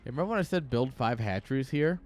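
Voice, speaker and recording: Male game caster, casual and excitable, middling pitch, faint music under him. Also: fast talker. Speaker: esports caster. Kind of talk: live game commentary.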